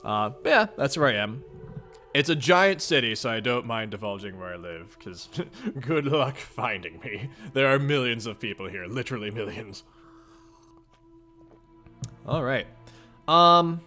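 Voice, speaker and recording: A young man with a Midwestern American accent hosts a livestream, reading a webcomic and greeting viewers in a playful, goofy, upbeat way. His mid-range voice is bright and forceful, with lively intonation, a measured pace and frequent pauses. Soft music plays in the background.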